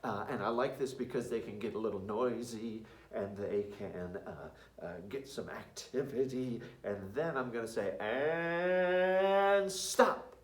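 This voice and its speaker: A man explaining a classroom parachute activity, halting with many fillers and breaking into loud sung and called-out cues to demonstrate. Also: lowish voice. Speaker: music teacher. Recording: roomy echo from a distance.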